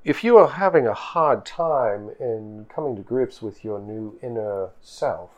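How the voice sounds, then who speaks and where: A man voicing a calm, spiritual female tribal chieftainess in a tabletop game, speaking formally and serenely. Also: fairly low pitch, unhurried.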